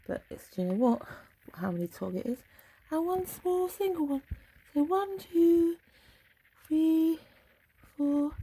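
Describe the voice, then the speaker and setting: A woman's voice: a little high, mellow, breathy edge, low-quality recording. A middle-aged woman chatting in a rambling, wry way at home, swearing freely. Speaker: vlogger. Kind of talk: rambling casual monologue. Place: home bedroom.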